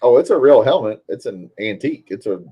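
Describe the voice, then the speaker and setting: A man's voice: medium pitch, animated, fairly quick, dark tone, husky. A laid-back, opinionated man co-hosting a casual livestream chat over a call.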